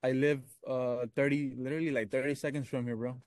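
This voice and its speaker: A man's voice: medium pitch, level tone, fairly quick, darkish tone, no echo, clean studio sound. A man interviewing a boxer in casual chat, eager and rambling, calling people bro.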